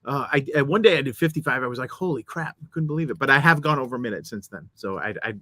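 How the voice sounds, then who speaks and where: A man's voice: medium pitch, expressive, rapid-fire, pushed and bright, no room sound. A man co-hosting a podcast in casual chat, joking dryly and often restarting his sentences. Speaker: podcast co-host.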